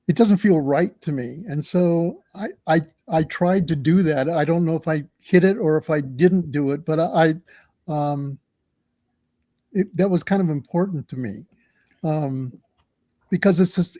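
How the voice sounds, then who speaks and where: A man, an author guest, talking in a casual interview, halting and restarting often. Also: fairly high pitch, mellow, no echo.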